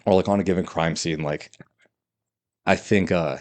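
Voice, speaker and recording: A man who works as a police officer, chatting casually on a podcast with a dry, deadpan humor. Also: deep voice, moderate pace. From California.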